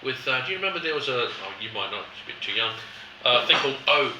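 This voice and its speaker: A man leading a casual wine tasting chat, animated and acting out quotes in a lively voice. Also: mid-range voice, quick pace, slight background noise. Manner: animated, acts out quotes with rising voice. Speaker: wine educator host. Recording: roomy, distant mic, faint background.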